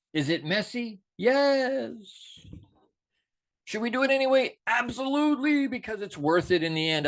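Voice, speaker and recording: Passionate man giving a motivational talk. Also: sits high. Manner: passionate, preachy, swings from soft to emphatic. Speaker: motivational show host.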